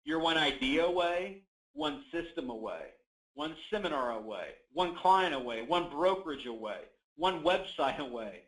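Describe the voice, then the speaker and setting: A man's voice: fairly high pitch, lively intonation, normal speed, a bit bright, echoey room, rough recording. A man coaching real estate agents in an emphatic motivational talk, repeating key phrases and acting out sales calls.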